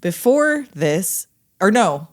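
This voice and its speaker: A woman's voice: mid-range voice, takes it slowly. Profane woman recapping a film. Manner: profane, animated storytelling with quoted lines. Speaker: podcast co-host. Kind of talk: casual chat recapping a film.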